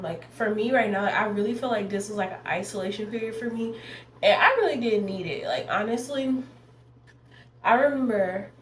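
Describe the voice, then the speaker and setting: A young woman in her twenties chatting to viewers while doing her makeup, rambling and addressing them as y'all. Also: a little high. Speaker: beauty vlogger. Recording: echoey room with faint noise.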